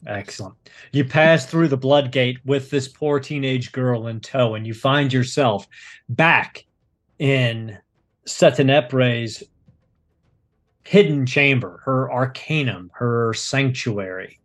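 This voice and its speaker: A man narrating a tabletop game as game master, unhurried and descriptive. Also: medium pitch.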